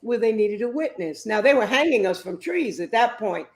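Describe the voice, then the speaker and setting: A woman in her fifties, an author giving interview answers in an expressive, emphatic storytelling way. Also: a little high, moderate pace. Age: 50s. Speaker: author and guest.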